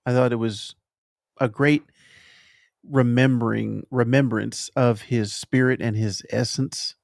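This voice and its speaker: A man hosting a podcast, chatting casually through a film review and pausing thoughtfully to find his words. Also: mid-range voice, steady tone, vocal fry, no room sound, clean studio sound. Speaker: podcast host.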